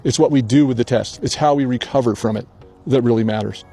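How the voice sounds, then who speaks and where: A man's voice: medium pitch, fast, dark tone, soft background music. An older man hosting a personal vlog, speaking earnestly while crying, outdoors on a hillside. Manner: earnest, tearful, heartfelt. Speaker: channel host.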